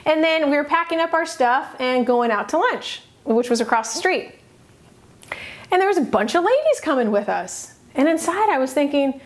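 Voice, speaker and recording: A middle-aged woman coaching viewers, telling a personal story in an expressive, animated way with direct questions to them. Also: sits high, moderate pace. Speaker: life coach vlogger.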